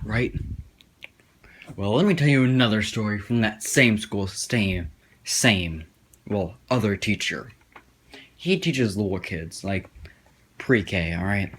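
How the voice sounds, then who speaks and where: A man's voice: fairly low pitch, slight background noise. A young man telling a sarcastic, profane story as casual commentary over gameplay. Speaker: gaming commentator.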